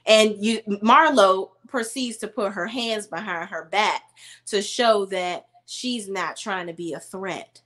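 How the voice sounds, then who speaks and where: A woman's voice: mid-range voice, animated, a little slow, a bit bright. Brief: woman recap vlogger, mid-range voice, blunt and exasperated, slangy storytelling. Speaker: reality TV recap commentator. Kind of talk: opinionated casual commentary.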